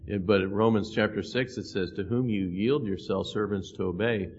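Male preacher, low voice, earnest scripture-quoting sermon, dull recording. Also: normal speed, darkish tone. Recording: dull lo-fi sound with faint noise.

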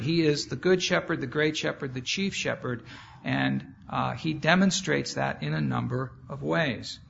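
A man preaching a sermon as a guest speaker, earnest and plain-spoken, pausing now and then to sort out his slides. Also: medium pitch, creaky, fairly bright tone. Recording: dull lo-fi sound with faint background noise.

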